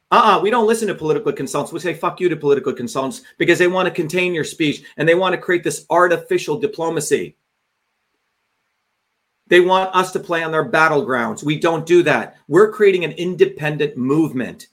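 A man's voice: fairly high pitch, a little fast, fairly bright tone. Profane, combative man ranting live. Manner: emphatic, addresses viewers directly. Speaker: host of a live show. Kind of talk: live political monologue.

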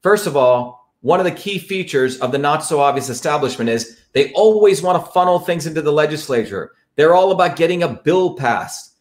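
A man from India gives a fiery political monologue as the host of his show. He hammers his points home by repeating them, rallying his listeners. His voice sits somewhat high for a man. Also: animated, brisk, few pauses. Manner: emphatic, repetitive, rallying.

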